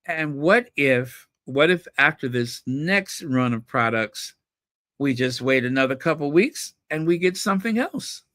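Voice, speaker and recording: Slow-talking man, chatty vlog host. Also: a little high, animated, bright, forceful tone, no room sound, studio quality. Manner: chatty, rambling, repeats words for emphasis. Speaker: royal gossip channel host. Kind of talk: casual solo commentary to viewers.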